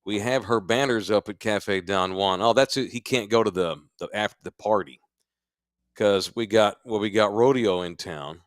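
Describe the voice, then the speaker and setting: A man's voice: lowish voice, moderate pace, no echo. A middle-aged man from Texas co-hosting a casual podcast from a sports bar studio, telling loose, rambling stories. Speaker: podcast co-host.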